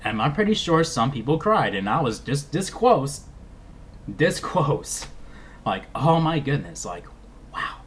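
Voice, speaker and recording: A man giving a casual movie review vlog, rambling and animated, with lots of restarts. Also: mid-range voice, unhurried, slight background noise.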